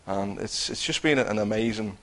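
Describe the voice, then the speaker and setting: A man's voice: on the low side, normal speed, fairly bright tone. A man giving an earnest personal testimony, telling his story with many restarts. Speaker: testifying believer.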